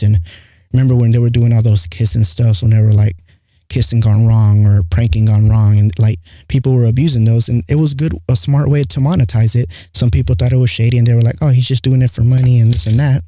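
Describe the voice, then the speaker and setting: Young male podcast host with an accent, candid and rambling, very dark voice, dry close mic. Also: mid-range voice, little pitch movement, fairly quick, no echo. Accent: non-standard English accent. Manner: rambling and candid, heavy use of "like". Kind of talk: casual monologue podcast. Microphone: studio mic close up.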